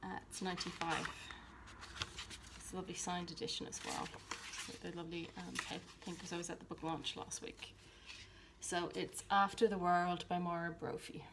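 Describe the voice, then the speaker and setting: A woman's voice: lowish voice, little pitch movement, moderate pace, very noisy. A woman chatting casually about her books at home by her shelves, talking in a rambling way with many ums and restarts. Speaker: book vlogger. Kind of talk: casual chat.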